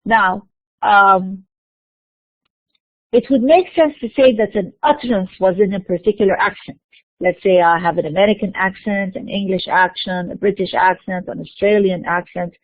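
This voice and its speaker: A woman's voice: mid-range voice, fairly even intonation, moderate pace, no echo. Woman lecturing over tinny audio. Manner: explains by repeating and asking herself questions. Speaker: linguistics lecturer. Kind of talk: classroom lecture. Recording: dry, tinny phone-like audio.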